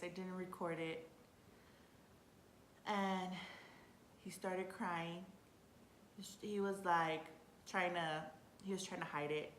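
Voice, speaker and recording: A young woman telling a personal story in a casual vlog, chatty and excitable, often laughing and restarting her sentences. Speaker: vlogger. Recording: roomy with faint rumble.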